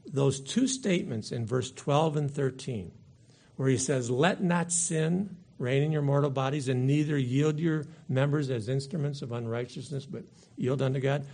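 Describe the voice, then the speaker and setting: A male preacher with a slightly higher-than-usual voice that is gravelly and husky. He reads scripture aloud, then drives his points home with emphatic repetition. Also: dark tone. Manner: emphatic, repeats key points for stress. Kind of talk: sermon with scripture reading.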